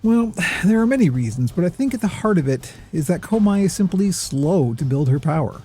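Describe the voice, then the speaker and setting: A man hosts with measured, lofty scripted narration that leans a bit pretentious. His voice is mellow and warm, lifting and falling in a lively way. Faint music plays behind. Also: sits high. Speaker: gaming video host.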